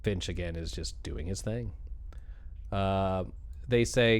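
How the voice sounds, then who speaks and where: A man narrating as game master of a tabletop game, animated and quick to laugh. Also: low voice.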